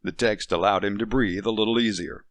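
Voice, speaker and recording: A man narrating a novel as an audiobook in a steady, expressive reading. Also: on the low side, a little fast, no echo. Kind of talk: scripted narration.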